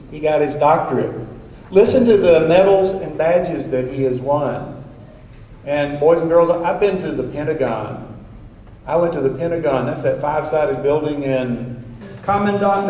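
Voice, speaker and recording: A man's voice: fairly high pitch, dark tone, a little hiss or hum. A school principal addressing an assembly, telling folksy stories and repeating his points for emphasis. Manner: folksy storytelling, emphatic repetition. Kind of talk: assembly speech. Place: large school assembly hall. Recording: echoey hall from far off.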